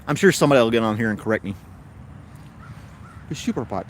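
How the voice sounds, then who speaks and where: A man's voice: medium pitch, animated, quick pace, slight background noise. Tennessee guy just chatting on a phone stream outside, laid back and rambly, crows and cars faint behind him. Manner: easygoing rambling chat. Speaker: host. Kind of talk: casual chat livestream.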